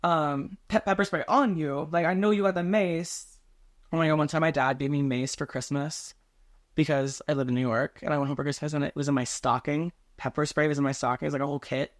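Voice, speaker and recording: A young man from Tennessee chatting alone in his bedroom, rambling quickly and stumbling over his words. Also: a little high, steady tone. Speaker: podcast host. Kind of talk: solo casual chat to camera.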